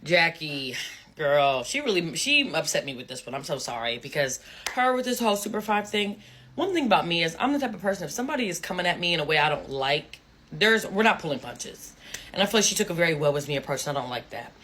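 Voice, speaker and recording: A woman's voice: low voice, very animated, fast, fairly bright tone, slight background noise. A woman giving a blunt, emphatic casual commentary rant, hammering points home by repeating phrases. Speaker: social media commentator.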